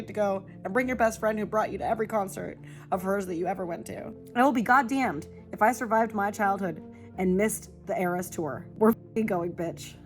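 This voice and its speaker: A young woman vlogs from her home kitchen in a loose, chatty way, swearing often and getting openly emotional. Her voice sits at a middle pitch. Faint music plays in the background. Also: fast. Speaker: vlogger. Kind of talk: casual vlog chat.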